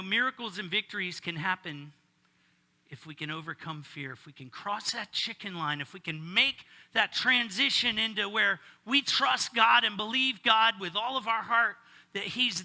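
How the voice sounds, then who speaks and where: Middle-aged pastor guy, high voice, super bright, cracks jokes and chats with the crowd mid sermon. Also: normal speed. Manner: casual, joking, talks with the congregation.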